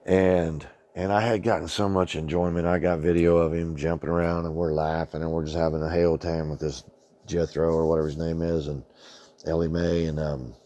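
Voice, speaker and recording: Casting: middle-aged man, deep and mellow, loose rambling storyteller who swears a lot. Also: level tone, normal speed. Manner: rambling, colloquial, swears freely, says "man" often. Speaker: channel host. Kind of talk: casual storytelling monologue.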